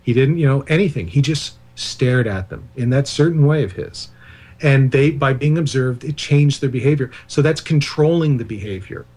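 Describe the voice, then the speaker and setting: A man's voice: medium pitch, normal speed, a little mellow. A man speaking as the guest author on a radio interview, explaining ideas at length with digressions and self-deprecating asides.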